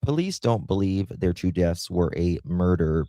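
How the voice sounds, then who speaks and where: Guy with a low dark voice reading crime news out loud, lots of ums and stumbles, dry close sound. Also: animated, no echo. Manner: halting, stumbling reading with fillers and restarts; spells out sensitive words letter by letter. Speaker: true crime show host. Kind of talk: reading news aloud with commentary.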